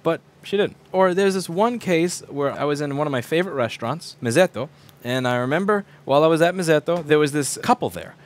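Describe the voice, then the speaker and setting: A man's voice: fairly high pitch, animated, a little fast. A man in his thirties, a repair shop owner, ranting casually to camera, profane, acting out quoted people in shifting voices.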